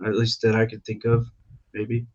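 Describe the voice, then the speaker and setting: A man's voice: on the low side, monotone, normal speed, a little mellow, dull audio. An American man who is a veteran and podcast guest, talking casually, with lots of "dude" and "like". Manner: laid-back, uses "dude" and "like" often.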